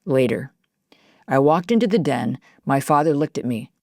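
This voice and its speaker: Woman audiobook narrator, lively first-person girl's voice, gravelly texture, dry studio. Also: rumbling low, normal speed, dry recording. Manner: lively, confiding storytelling with a young girl's voice.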